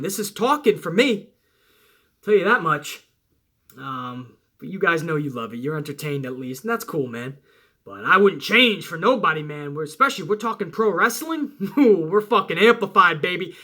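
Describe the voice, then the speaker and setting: A man hosting a wrestling channel, talking loud and half-yelling in a profane, confrontational rant to his viewers. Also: sits high, big pitch swings, moderate pace. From Italian-American household.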